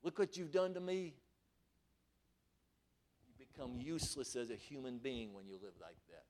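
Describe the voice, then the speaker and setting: A man preaching a sermon, acting out scripture voices and swinging from quiet asides to loud, dramatic passages. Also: mid-range voice, moderate pace.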